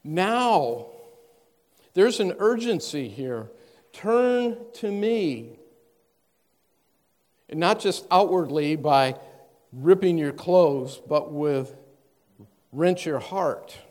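A man preaching a sermon, reading scripture aloud with measured stress and then explaining it in plain words. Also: fairly high pitch, expressive. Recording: long hall reverb.

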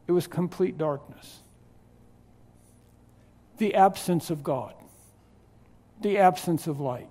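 A pastor delivers a verse-by-verse sermon, his voice sitting a little high for a man. He leans hard on key words, stretching them out for weight. The sound carries a long, ringing hall reverb. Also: warm tone. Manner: emphatic, drawn-out stresses on key words. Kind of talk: expository sermon.

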